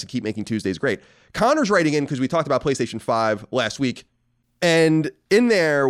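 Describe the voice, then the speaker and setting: A man's voice: medium pitch, no room sound, studio quality. An American man co-hosting a casual podcast, reading listener letters and teasing his audience in an upbeat, joking way. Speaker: podcast co-host.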